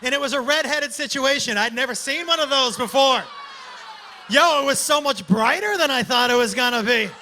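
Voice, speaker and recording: A man performing a stand-up comedy set, telling a story in a brash, loud way with shouted bursts, on a handheld mic at a comedy club. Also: very high-pitched, normal speed, slight background noise.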